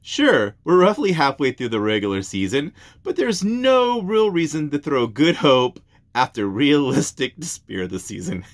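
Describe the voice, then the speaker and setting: A man hosts a casual comic show and reads reviews aloud. His voice sits a little high and swoops all over the place. He keeps dissolving into giggles and drifting off on tangents. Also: sing-song, unhurried. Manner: giggly, breaks into laughter while reading; rambling, wanders onto tangents. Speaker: host reading reviews aloud.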